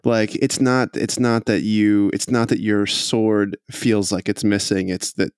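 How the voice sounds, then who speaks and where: A man running a tabletop game as game master, laughing often and narrating slowly. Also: on the low side, level tone, darkish tone, clean tone, no echo, clean studio sound.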